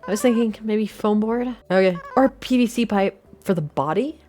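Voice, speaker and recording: A woman's voice: medium pitch, moderate pace, mellow, voice pushed up, lightly acted. A woman voicing a shy, clumsy, eager young woman who speaks hesitantly and earnestly, reading game dialogue aloud.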